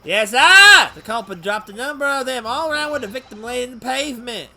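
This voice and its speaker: A man voicing a loud, sleepy older policeman who barks his answers, reading a courtroom game aloud. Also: mid-range voice, very animated, moderate pace, pitched below the performer's own voice. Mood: eager, blustering. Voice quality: barking shouts. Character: loud, dozy old English bobby.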